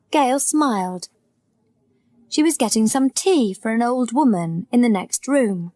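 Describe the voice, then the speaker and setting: A woman narrating a graded reader audiobook with slow, clear, careful reading. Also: fairly high pitch, lively intonation, a little mellow, no room sound.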